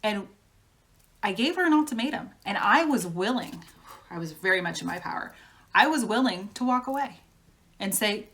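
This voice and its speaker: A woman's voice: medium pitch, animated, moderate pace, pauses often, fairly bright tone. Frank, chatty woman reading tarot. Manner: frank, chatty, laughs often. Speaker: tarot reader.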